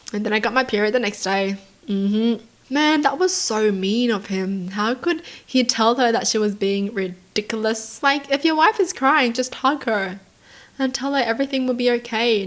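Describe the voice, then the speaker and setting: Aussie youtuber lady reading stories n chatting about them, high-ish voice, lots of like and dude. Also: a bit bright. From Australia. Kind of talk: casual reaction commentary.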